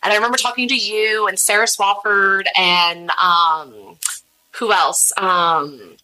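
A woman's voice: medium pitch, takes it slowly, sharp tone, rough recording. A woman in her thirties, a podcast host as a guest, telling stories candidly and chattily and acting out the voices she quotes. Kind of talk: candid conversational storytelling.

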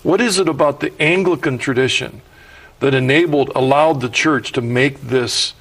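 Gravelly, husky male host. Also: mid-range voice, moderate pace, a bit bright, low-quality recording. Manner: stumbling restarts while framing questions. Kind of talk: discussion moderator.

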